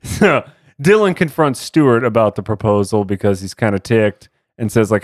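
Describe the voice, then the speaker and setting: A man's voice: fairly low pitch, moderate pace, no echo, studio quality. A man in his thirties, co-hosting a casual podcast, recapping a TV episode with lots of swearing and laughter. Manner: animated, swearing, frequent laughs. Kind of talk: casual chat.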